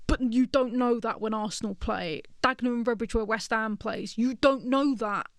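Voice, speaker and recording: A woman's voice: on the high side, normal speed, dry recording. A woman co-hosting a sports podcast, giving frank, wry opinions in casual chat. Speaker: podcast co-host.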